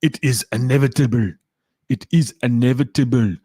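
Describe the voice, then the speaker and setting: A man doing a slow, heavy impression of a menacing male action-movie cyborg. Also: mid-range voice, warm tone, husky, natural voice.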